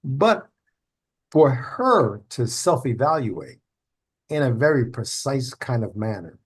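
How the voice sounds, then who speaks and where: A man's voice: medium pitch, expressive, a little slow, breathy edge. A man hosting a podcast, explaining ideas in a reflective, conversational way. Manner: reflective, explaining with acted examples. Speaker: podcast host.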